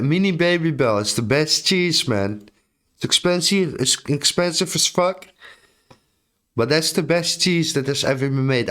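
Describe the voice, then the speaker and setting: Slow, laid-back joking European man. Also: mid-range voice, a bit bright. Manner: laid-back, joking, drawls phrases, mock French. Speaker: streamer. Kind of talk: casual chat with stream chat.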